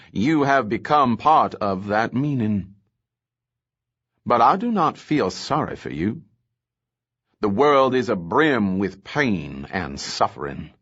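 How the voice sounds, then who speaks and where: A man's voice: lowish voice, fairly bright tone, lo-fi sound, heavily acted. A man playing a languid, menacing villain. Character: cold, languid male villain, pleased with himself.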